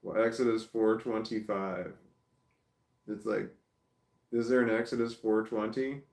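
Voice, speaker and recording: A man's voice: on the low side, steady tone, measured pace, creaky, darkish tone, reverberant. A Southern man with a Southern American accent, casually reading and reacting to live comments in a stop-start, chuckling way. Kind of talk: casual livestream chat.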